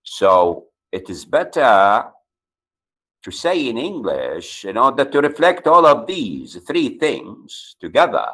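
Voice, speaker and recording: Slow, deliberate male lecturer with an Arabic accent. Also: mid-range voice, big pitch swings, sharp tone, poor audio. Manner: slow, deliberate explaining, stressing key words. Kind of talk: university grammar lecture.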